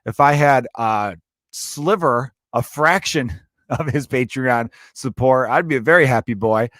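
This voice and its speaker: A man's voice: medium pitch, a little slow, a bit bright, no echo, studio quality. A young man hosting a solo podcast, talking in a rambling, profane and jokey way. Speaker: podcast host. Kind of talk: casual solo podcast talk.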